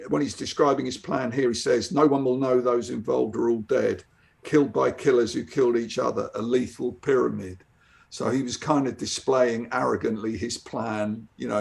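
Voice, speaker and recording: A man's voice: medium pitch, creaky. An older man, a guest comic artist, chatting casually and reflecting on his own artwork, with frequent restarts. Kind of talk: casual chat.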